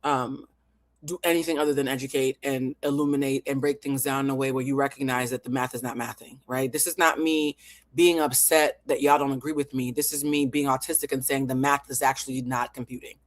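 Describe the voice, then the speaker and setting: A woman's voice: very deep voice, steady tone, fairly quick. A woman hosting a live stream with commentary, talking in an analytical and emphatic way and swearing freely. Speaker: host.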